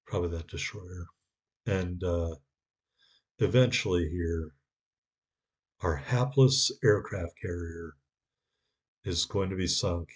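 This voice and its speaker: A man's voice: low voice, unhurried, pauses often, husky. A man giving a sarcastic, wry voice-over commentary on his own gameplay.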